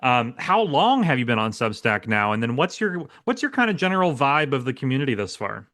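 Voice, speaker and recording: A man's voice: medium pitch, very animated, brisk, fairly bright tone. A man hosting an interview podcast, chatty and friendly, laughing often and restarting his sentences. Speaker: podcast host. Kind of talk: casual interview chat.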